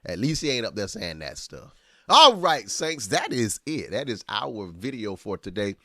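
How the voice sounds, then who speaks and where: A man, a pastor, giving casual commentary as he reacts to clips, animated and often exclaiming. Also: lowish voice, moderate pace, no room sound, studio quality.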